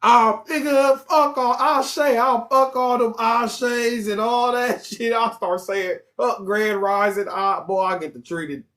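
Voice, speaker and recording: A man hosting a casual livestream, talking in an animated, profane, joking way that often bursts into yelling. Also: very high-pitched, slow, hardly any pauses. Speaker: livestream host.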